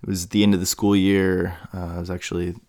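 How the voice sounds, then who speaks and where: Speaking briskly in a low, darkish voice with little pitch movement, a man rambles through a solo podcast, full of fillers and restarts. He keeps hiccuping. The audio is clean studio sound with no echo.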